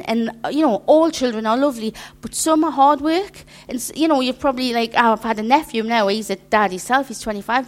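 A middle-aged woman preaching at church, sharing personal stories in a conversational, chuckling way. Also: on the high side. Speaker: church speaker.

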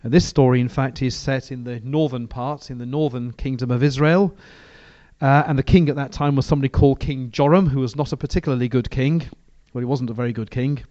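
A man's voice: medium pitch, fairly even intonation, a little fast, mellow, no echo, dull audio. A man preaching a sermon and reading from the Bible, talking in a conversational way with frequent restarts.

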